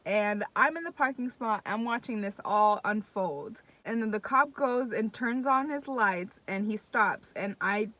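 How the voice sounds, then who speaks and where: Young woman vlogger telling a story to camera, kinda high voice, swears a lot, gets all worked up, talks right to y'all. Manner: excitable, profane, addresses viewers directly.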